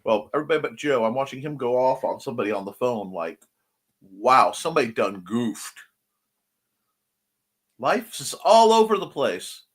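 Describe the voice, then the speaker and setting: Animated, playful male stream host. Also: mid-range voice, normal speed, pauses often, breathy edge. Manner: animated, playful, reads comments aloud. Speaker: host of a creative morning show. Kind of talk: casual live-stream chat.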